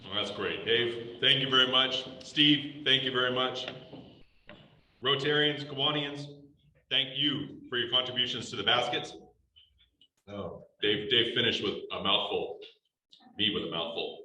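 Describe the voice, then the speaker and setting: A man's voice: medium pitch, a little slow, sharp tone, roomy sound, poor audio. A man leading a joint club luncheon in a restaurant banquet room, speaking in an upbeat, informal and meandering way. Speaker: meeting leader. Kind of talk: casual speech hosting a meeting.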